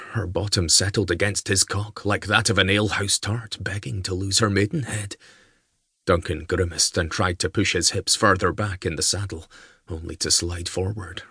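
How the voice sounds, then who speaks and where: A man narrating an audiobook in a measured storytelling manner. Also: low-pitched, sharp tone, breathy edge, no room sound, studio quality. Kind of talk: scripted narration.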